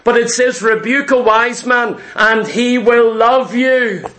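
A man preaching a sermon, emphatic, firing rhetorical questions and slowing down on key words. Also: very high-pitched, fairly bright tone. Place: church.

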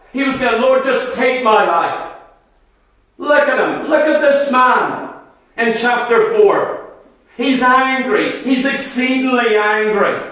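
A man's voice: very high-pitched, fairly bright tone. A man preaching a sermon with passion, full of rhetorical questions and mock voices of his hearers. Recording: very echoey hall, voice from far off.

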